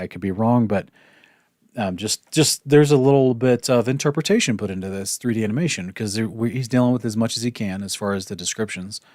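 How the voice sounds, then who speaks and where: A man's voice: lowish voice, darkish tone, dry recording, studio quality. A man teaching a casual Bible study lesson, talking things through conversationally with restarts and asides. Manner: conversational, thinks aloud with restarts and apologies.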